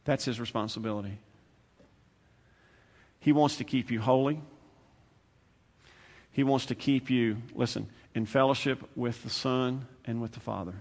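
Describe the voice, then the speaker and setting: A male preacher giving a sermon, conversational and repetitive, swinging from loud, fast bursts to hushed, slow lines. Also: medium pitch, steady tone. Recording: long hall reverb.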